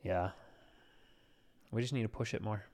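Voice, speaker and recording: A man's voice: fairly low pitch, steady tone, moderate pace, darkish tone. A man co-hosting a casual podcast chat, easygoing, laughing often and acting mock-scandalized. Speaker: podcast co-host.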